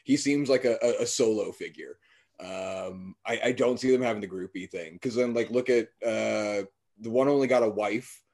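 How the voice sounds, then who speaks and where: A man's voice: fairly low pitch, moderate pace, a little mellow. A man co-hosting a podcast in casual chat, hesitant and thinking aloud. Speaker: podcast co-host.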